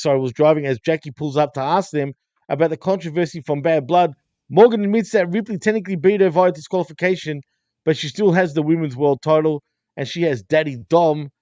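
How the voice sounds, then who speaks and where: Man, co-host, slightly high voice, dry sound, detailed casual recap. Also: no echo, highs cut off. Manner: recaps events in steady, running detail. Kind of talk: casual wrestling review chat.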